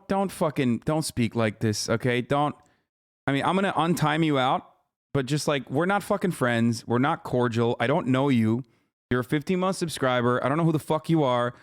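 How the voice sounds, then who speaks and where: A man's voice: mid-range voice, clear, resonant tone, no room sound. A man in his thirties doing live-stream reaction commentary, ranting at his chat in a profane, combative way on a close streaming mic.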